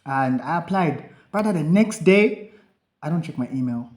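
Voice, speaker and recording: Speaking at a measured pace with a voice that's a little high, this young podcast co-host tells a story in casual conversation. He's animated, playing out the lines of himself and other people, and the room he's in is echoey.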